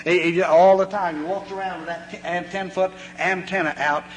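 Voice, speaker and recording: A high-pitched man preaches a folksy sermon at a moderate pace, animatedly telling homespun stories and acting out the voices in them. The recording carries a long hall reverb and a faint hum.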